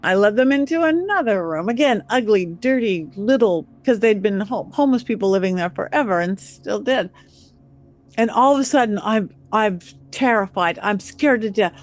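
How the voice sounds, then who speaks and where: A woman telling a story as a guest, acting out the quoted voices with lively changes. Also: medium pitch, moderate pace. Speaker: guest psychic medium. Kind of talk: animated storytelling.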